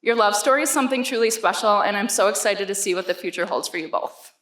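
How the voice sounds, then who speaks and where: A woman's voice: mid-range voice, fast talker, very noisy. A woman giving a wedding toast, joking and then sentimental, at a reception. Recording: echoey reception hall with crowd. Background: guests laughing.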